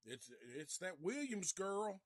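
A man's voice: high voice, takes it slowly, husky, dry recording, studio quality, pitched above the performer's own voice, full character voice. A man doing an agitated townsman. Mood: alarmed. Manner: excited, urgent drawl. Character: agitated small-town man spreading alarm.

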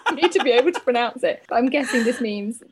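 A woman co-hosting a chatty podcast, reading out a listener's letter with an animated, giggly delivery. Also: a little high, fast talker, a crowd in the background, rough recording. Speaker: podcast co-host.

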